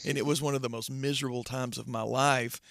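Middle-aged male pastor guest, gravelly, dry close sound, earnest and halting. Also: mid-range voice, steady tone, a bit bright, dry recording. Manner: earnest, halting with many restarts. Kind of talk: personal testimony in conversation.

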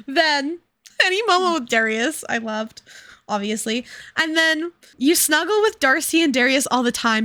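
Bright high-voiced woman, swearing freely. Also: animated, measured pace, no room sound. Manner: swears often, emotional, laughs while talking. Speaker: podcast co-host. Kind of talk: casual book chat.

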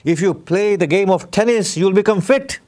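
A middle-aged man preaching a conversational sermon, putting questions to his listeners and slowing down to stress key words. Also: high-pitched, a little mellow. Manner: questions the audience, emphatic with sudden slow stresses. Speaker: Islamic preacher.

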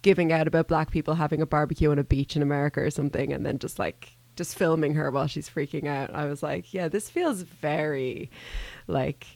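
Low-pitched woman podcaster, animated, acts out quotes, dry close recording. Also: brisk, vocal fry, no echo. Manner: animated storytelling, acting out quotes. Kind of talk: casual chat.

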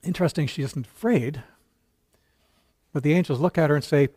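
A man's voice: fairly high pitch, fairly quick, long pauses, darkish tone, breathy edge. A male pastor preaching a sermon, retelling a story earnestly with quoted dialogue and occasional stumbles.

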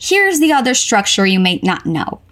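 A woman teacher whose first language is Portuguese, drilling English phrases syllable by syllable for learners to repeat. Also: mid-range voice. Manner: slow, syllable-by-syllable drilling with lively intonation. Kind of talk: repeat-after-me pronunciation lesson.

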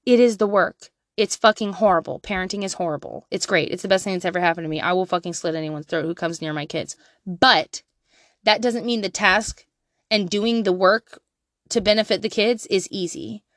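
A woman in her thirties talks straight to camera as a mother, blunt and full of swearing, laughing often. Her voice sits at an ordinary pitch. The sound is dry and close, with no room in it. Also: moderate pace, no room sound. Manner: frank, swings from quiet asides to loud bursts. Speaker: mother giving parenting advice. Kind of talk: candid vlog monologue.

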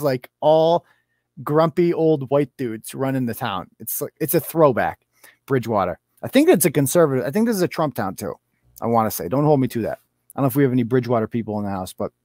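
Man hosting stream, sarcastic, mocking, animated pitch, dry close sound. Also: no room sound. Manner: sarcastic, mocking, laughing often. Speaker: show host. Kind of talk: casual commentary over clips. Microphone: computer mic.

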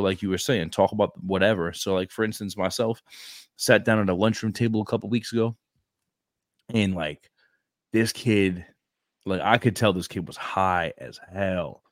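A young man from Brooklyn hosting a casual podcast chat, slangy and animated, saying "bro" all the time. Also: low voice, dry recording, studio quality. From Brooklyn, New York. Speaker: podcast host, recruiter.

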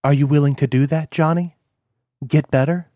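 Man playing an older mother, soft, tender, slightly raised voice, dry recording. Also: fairly high pitch, fairly even intonation, moderate pace, no room sound, natural voice. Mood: gentle. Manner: soft, tender, gentle questioning. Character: older mother, gentle and loving.

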